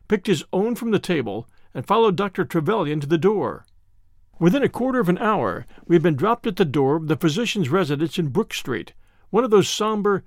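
Man narrating a story, expressive, high voice, dry close mic. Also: no echo. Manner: expressive, animated reading.

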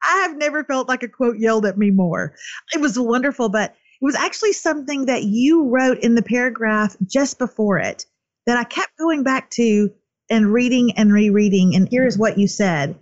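A woman's voice: a little high, normal speed, no room sound, highs cut off. A woman hosting an interview, responding appreciatively and quoting from the guest's book. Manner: warmly appreciative, reads quotes aloud from a book. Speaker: host.

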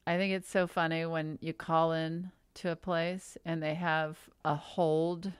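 Slow, smooth-voiced deadpan woman. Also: low voice, no echo. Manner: slow, dry, deadpan delivery. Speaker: podcast co-host. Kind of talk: casual chat.

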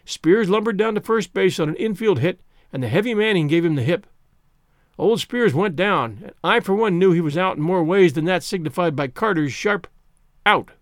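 A man reading a story aloud in first-person narration, lively and expressive. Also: high voice, normal speed, no echo, studio quality. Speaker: audiobook narrator.

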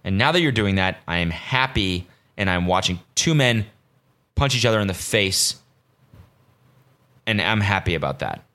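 A man hosting a solo podcast, rambling casually and swearing often, veering between excitement and deadpan asides. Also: sits low, moderate pace, pauses often. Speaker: podcast host.

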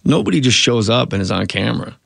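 A man's voice: medium pitch, very animated, fast talker, gravelly, dry recording, clean studio sound. A man, a comedian and actor, telling rambling anecdotes in a casual interview, often cutting himself off.

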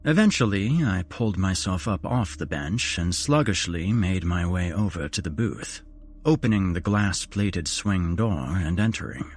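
A man hosting a horror podcast, narrating a first-person ghost story in a measured, dramatic way. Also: low voice, expressive, slightly rough.

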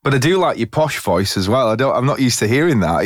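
A man's voice: mid-range voice, sing-song, quick pace, no echo, studio quality. A man hosting a casual interview, talking in an easygoing and encouraging way. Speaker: podcast host.

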